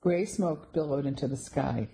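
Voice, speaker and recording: A woman reads a first-person story aloud in a steady, scripted manner. Her voice is low and mellow, with a calm storytelling pace. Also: moderate pace, gravelly, poor audio. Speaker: audiobook narrator.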